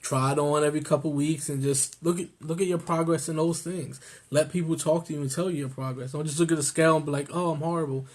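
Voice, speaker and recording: A laid-back man chatting on a vlog, his voice a bit higher than most men's. He jokes easily and slips into relaxed advice-giving. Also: quick pace, hardly any pauses. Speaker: co-host of a weight-loss vlog. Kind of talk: casual chat.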